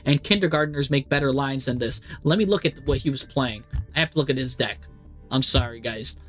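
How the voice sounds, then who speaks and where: A man streaming live, commentating a card game match and talking to the players on screen in an exasperated, animated way. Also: medium pitch, brisk, soft background music.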